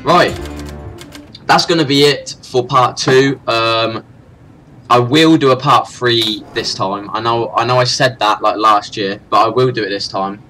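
A man's voice: mid-range voice, a little slow, pushed and bright, soft background music. A young man hosting a let's play, talking crudely and mockingly at the characters in the game. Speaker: gaming channel host.

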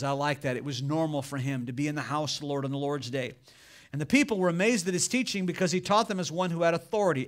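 A man's voice: on the high side, a bit bright. A man preaching a sermon as pastor, building in fervor and acting out quoted voices as he reads scripture.

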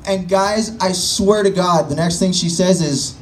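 A man's voice: high-pitched, a little slow, hardly any pauses. A man in his late twenties doing a crude, self-mocking stand-up set on a bar stage, talking straight to the crowd. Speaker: stand-up comedian. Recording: distant mic with faint room noise.

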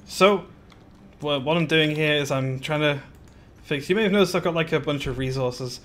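A man's voice: on the high side, moderate pace, a bit bright. A man chatting casually on a live stream while building in a game, greeting viewers by name with giggly asides.

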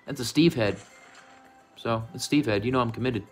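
Faint music plays behind this American man as he hosts a laid-back gaming vlog in his room. He speaks at a normal pace in a medium-pitched voice, rambling in a goofy, affectionate way.

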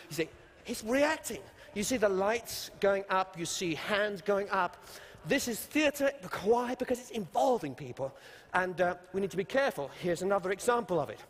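High-voiced male keynote speaker, ringing hall. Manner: animated, humorous, addresses audience directly. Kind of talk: conference keynote. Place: large conference hall. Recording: long hall reverb from stage mic.

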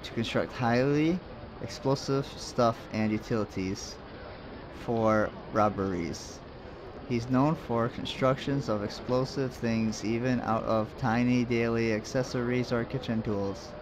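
A man's voice: mid-range voice, measured pace, noisy background. A man casually commenting as he plays a game, rambling and muttering to himself with jokes along the way. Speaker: let's play host.

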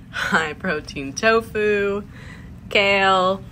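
A woman vlogging casually on a trip, giggly and excitable, laughing often. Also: mid-range voice, extremely slow, slight background noise. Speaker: travel vlogger. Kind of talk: casual vlog chat.

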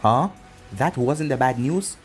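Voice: medium pitch, takes it slowly, soft background music, close to an everyday voice. A narrator voicing a hot-tempered woman who leads a ninja village. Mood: irritable. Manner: irritable, shouting.

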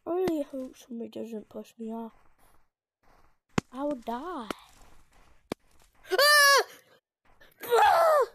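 A woman's voice: on the high side, normal speed, long pauses, mellow, slight background noise. A woman playing a game and narrating her own moves in a playful, sing-song way. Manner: playful, sing-song, breaks into shrieks and giggles.

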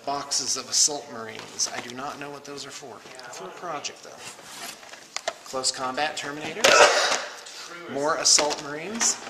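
A man's voice: on the high side, slow. A middle-aged man who runs a painting studio, chatting casually and joking at his own expense while he unboxes miniatures. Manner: joking, rambling, self-mocking. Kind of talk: casual chat. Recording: noisy room recording.

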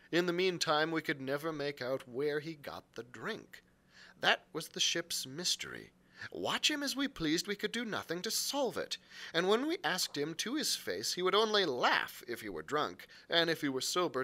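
A man reading a classic adventure novel aloud, expressive, with occasional slips he corrects. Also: on the high side. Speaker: library reader.

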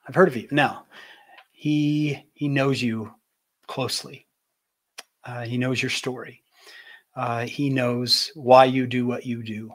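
A man from Utah giving a faith talk as a public speaker, telling stories with animation and slowing down for emphasis. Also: medium pitch. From Utah, USA. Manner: animated storyteller, slows for emphasis.

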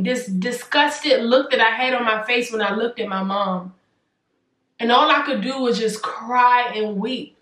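A woman's voice: a little high, fairly bright tone, far from the mic. A young woman earnestly sharing a personal faith testimony as a vlogger, building her points through preacherly repetition. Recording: roomy sound, away from the mic.

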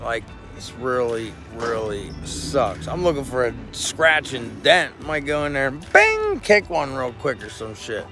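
A man casually chatting and reviewing his cannabis gear in a vlog, excitable and swearing constantly in slangy talk. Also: mid-range voice, unhurried, few pauses, soft background music. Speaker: cannabis vlogger. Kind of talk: casual profane vlog chat.

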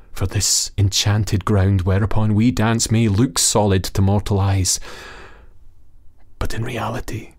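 A man's voice: fairly low pitch, a little mellow, breathy edge. A man voicing a sorrowful, wrinkled old goblin who was once a mortal, in a storybook reading, wailing and whispering.

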